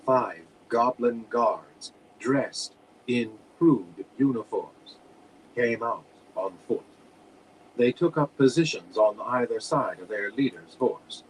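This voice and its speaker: A man reads a fantasy novel aloud in a steady, plain manner at a middling pitch. A faint air-conditioner hum sits under the voice. The reading sounds like a home room. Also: slow, rough recording. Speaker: audiobook reader.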